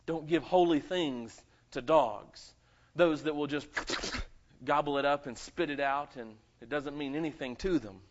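A male pastor delivering a sermon, his fairly high voice rising to loud emphatic peaks and dropping to hushed asides. The recording sounds dull and muffled. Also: a little slow, slight background noise. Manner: animated preaching with dramatic swings in pitch and volume.

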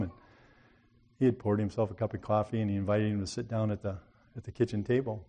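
A man's voice: fairly low pitch, flat delivery, fast, mellow. A man preaching a sermon, telling a story in a folksy, earnest way and rising to emphatic appeals.

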